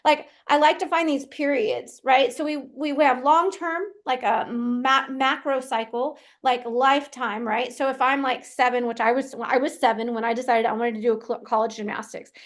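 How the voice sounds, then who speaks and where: Chatty woman coach, slightly high voice. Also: steady tone, normal speed, few pauses. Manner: chatty, frequent "right?" tags and restarts. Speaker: performance coach and physical therapist. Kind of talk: casual solo Q&A talk.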